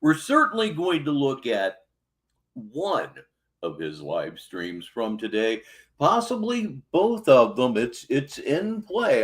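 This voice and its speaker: Man, sardonic showman host, slow, very animated pitch. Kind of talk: show commentary.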